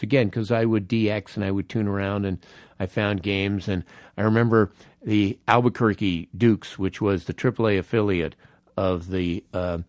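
A man hosting a solo podcast, telling personal stories in an animated way and acting out his own reactions. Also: medium pitch, no room sound, clean studio sound. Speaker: podcast host.

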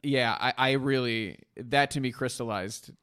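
Male comedian guest, relaxed anecdotal talker, middle pitch. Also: unhurried, clean tone. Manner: easygoing, rambling anecdotes. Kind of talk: casual chat.

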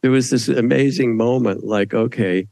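A man's voice: lowish voice, moderate pace, gravelly, a little mellow, no echo, rough recording. A man who is a meditation teacher speaks on a retreat panel, reflective and telling stories. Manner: reflective, storytelling. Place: retreat hall.

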